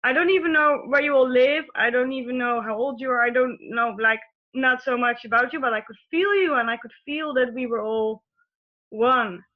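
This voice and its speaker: A woman in an online class, moved and halting, searching for words as she shares with the group. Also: high-pitched, phone-quality sound. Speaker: class participant. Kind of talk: emotional sharing in a group.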